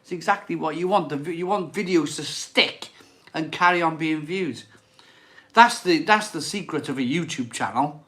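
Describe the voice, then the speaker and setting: This man, a beer channel host, chats on a relaxed live stream and reads out viewer comments, rambling, repeating phrases and laughing frequently. His voice is a little high and fairly bright, at a moderate pace.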